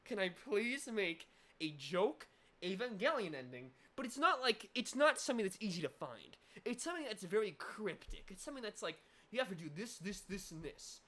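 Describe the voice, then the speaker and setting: A young woman streaming a game with loud, rambling, sweary, excitable commentary. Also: medium pitch, moderate pace. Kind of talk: let's play commentary.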